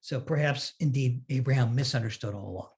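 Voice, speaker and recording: A rabbi speaking in a conversational interview, explaining scripture thoughtfully and telling stories with animation and frequent laughter. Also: male voice, medium pitch, brisk, a little mellow.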